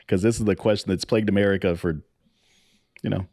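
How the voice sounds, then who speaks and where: A man's voice: fairly low pitch, fairly even intonation, fast talker, warm tone, no room sound, studio quality. A man hosting a casual podcast discussion, easygoing and putting questions to his co-hosts. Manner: easygoing, asks the others questions. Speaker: podcast host leading the discussion.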